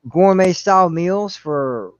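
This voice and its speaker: Blunt storytelling man in his forties, higher voice. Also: expressive, takes it slowly, clear, resonant tone, dry recording, highs cut off. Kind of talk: casual chat.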